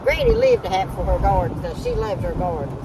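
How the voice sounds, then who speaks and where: A woman's voice: fairly low pitch, huge pitch swings, fairly quick. A middle-aged woman from North Carolina with a Southern accent, chatting as a vlog co-host, first outdoors and then in a car, with folksy storytelling and frequent laughs. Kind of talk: casual chat. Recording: loud outdoor and car noise.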